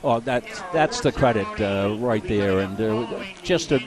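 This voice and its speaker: A man doing color commentary on a live high school football game, explaining strategy in a folksy, coaching-minded way. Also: measured pace, a crowd in the background.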